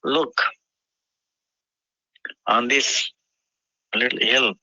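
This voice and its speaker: A man voicing a gentle young village boy who coaxes softly. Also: medium pitch, steady tone, extremely slow, slightly rough, no room sound, muffled recording, exaggerated voice. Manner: coaxing, pleading.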